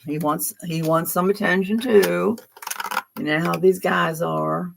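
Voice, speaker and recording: Her voice sits on the low side, steady and unhurried with vocal fry, over some background noise. She's a septuagenarian tarot reader from Philadelphia, USA, livestreaming and chatting loosely, drifting between stories and laughing often.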